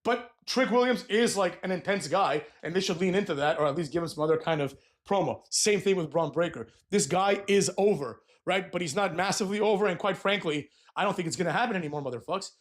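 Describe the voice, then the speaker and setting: A man's voice: high voice, fast, hardly any pauses. A man ranting about wrestling promos, blunt and profane, and he keeps tagging his points with "right?". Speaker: wrestling commentator. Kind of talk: opinionated rant.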